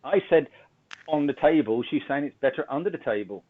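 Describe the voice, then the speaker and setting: A man's voice: a little high, lively intonation, fairly quick, phone-quality sound. A man hosting a casual chat show over a video call, joking and greeting viewers by name. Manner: jokey, reads out viewer greetings.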